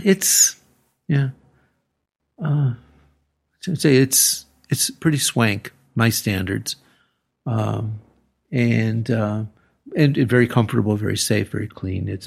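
Older man, retired teacher, gravelly voice, halting restarts, casual interview storytelling. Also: on the low side. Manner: rambling, halting anecdotes with many restarts.

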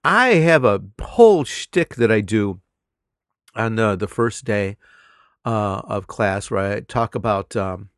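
A middle-aged man, a teacher, telling classroom stories in casual conversation, animated and laughing often. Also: on the low side, takes it slowly, no room sound, clean studio sound. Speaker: English teacher.

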